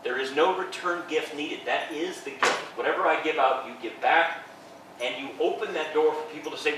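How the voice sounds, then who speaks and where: A man giving an informal, enthusiastic lecture to students as a professor, upbeat and quick to laugh. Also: fairly high pitch, sharp tone. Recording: echoey hall, distant mic, background noise.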